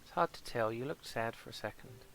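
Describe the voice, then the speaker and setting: A man's voice: medium pitch, a little fast, vocal fry, a bit bright. A middle-aged British man chatting casually as he streams a game, rambling and talking to the characters on screen. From Britain. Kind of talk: casual live-stream commentary.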